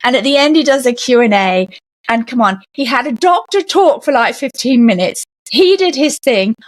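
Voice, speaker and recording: A woman guest on a podcast, telling stories in a lively way and acting out the voices of the people in them. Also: on the high side, normal speed, dry recording. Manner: animated storyteller, acts out quoted voices. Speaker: podcast guest, comedian and author. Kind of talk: casual interview talk.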